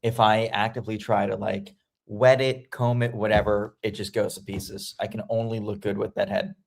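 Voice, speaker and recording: A man's voice: on the low side, flat delivery, moderate pace, gravelly. A man guesting on a livestream, tired and sleepy after waking up, joking lazily. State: tired, just woke up. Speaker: guest storm chaser. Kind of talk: casual remote chat.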